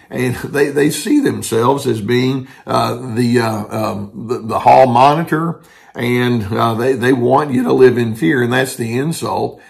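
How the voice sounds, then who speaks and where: An older man with a gravelly, fry-touched voice talks as a therapist explaining to his viewers. His delivery is earnest and steady, with brief quoted asides. His pitch sits at an ordinary middle level for a man. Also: a little slow. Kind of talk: talking-head explainer.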